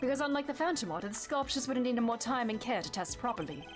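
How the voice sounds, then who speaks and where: A woman's voice: fairly high pitch, expressive, natural voice. A woman reading a methodical prosecutor. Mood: deducing. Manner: measured, deductive. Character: calm methodical male prosecutor. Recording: game music behind the voice.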